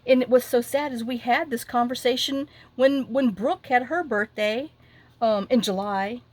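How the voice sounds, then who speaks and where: A woman's voice: fairly high pitch, moderate pace. Chatty middle-aged woman. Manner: rambling, lively retelling with frequent asides. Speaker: crafting vlogger. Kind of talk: chatty storytelling while crafting. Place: home craft desk.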